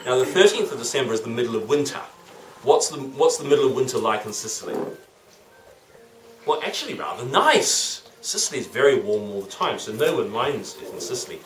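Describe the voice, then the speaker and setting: A man's voice: mid-range voice, animated, fairly quick. A man telling a legend to children, playful and full of questions to his listeners. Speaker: storyteller to children. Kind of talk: lively storytelling for children. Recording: roomy, distant, faint noise.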